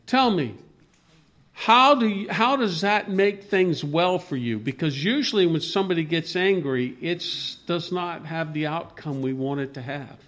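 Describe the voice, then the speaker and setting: A man leading an informal Bible discussion, rambling and halting with many restarts as he quotes scripture. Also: a little high, expressive, fairly bright tone.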